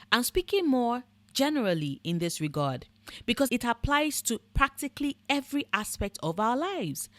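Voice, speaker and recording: A woman's voice: mid-range voice, dry recording. A woman giving scripted commentary in a blunt, sarcastic, profane manner. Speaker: book and fandom commentator.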